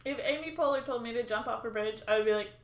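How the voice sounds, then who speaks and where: A woman's voice: fairly high pitch, fast, echoey room. A woman co-hosting a podcast, chatting casually about a film and laughing along as she quotes scenes. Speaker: podcast co-host.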